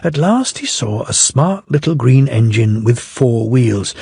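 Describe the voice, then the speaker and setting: Unhurried older male storyteller. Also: medium pitch, lively intonation, vocal fry, dark tone, slightly rough, no echo, studio quality. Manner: measured and unhurried. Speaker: narrator. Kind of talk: scripted storybook narration.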